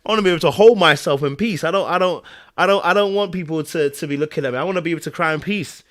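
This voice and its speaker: A man, hosting a casual live-stream podcast chat with viewers. He talks emotionally and repeats phrases for emphasis. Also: on the high side. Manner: swings between loud exclamations and hushed, drawn-out murmurs. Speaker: podcast host.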